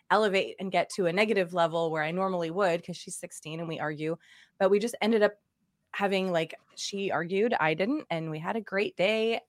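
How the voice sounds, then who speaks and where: A woman in her forties co-hosting a podcast, telling a story in a chatty, animated way with laughs. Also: lowish voice, dry recording, clean studio sound. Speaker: podcast co-host. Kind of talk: casual chat.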